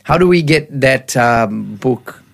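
Man, breakfast radio host, gravelly voice, enthusiastic chatter with fillers. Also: mid-range voice, lively intonation, slow pace. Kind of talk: casual radio chat.

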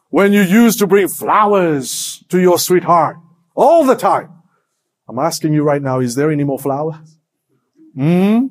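A man preaching a sermon as pastor, asking his congregation questions and swinging between hushed, low lines and raised, emphatic ones.

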